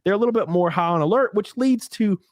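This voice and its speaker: Man, podcast host, lively swinging pitch, profane animated storyteller, dry close mic. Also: fast, no echo. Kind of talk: casual podcast chat.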